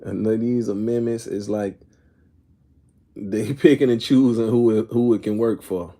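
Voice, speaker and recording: A man's voice: on the low side, fairly even intonation, a little slow, mellow. A middle-aged man talking casually to his viewers, rambling and often asking "you know what I'm saying", now and then reading comments aloud. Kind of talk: casual opinion talk to viewers.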